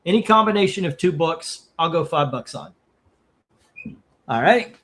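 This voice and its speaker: Chatty male auction host, slightly high voice, eager salesman patter. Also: normal speed. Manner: chatty, excitable, pitching deals. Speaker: comic book auction host. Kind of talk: casual live-stream selling chat.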